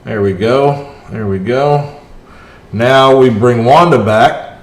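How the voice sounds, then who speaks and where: A man with a medium-pitched voice speaks slowly, pausing often, as he streams a mobile strategy game and talks through each move live. He's chatty, reacting aloud to the match and chatting with his viewers, and the recording has a roomy echo.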